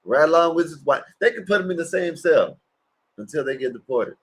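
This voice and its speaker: A man's voice: on the high side, animated, brisk, fairly bright tone, husky. A man hosting a livestream, giving rambling, crude, mocking reactions to clips. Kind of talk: casual profane reaction commentary.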